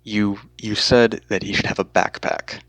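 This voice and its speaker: A man appearing as a guest on a casual podcast chat, talking in a halting, hesitant way with many restarts. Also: on the low side, fairly even intonation, fairly bright tone, dry recording, rough recording.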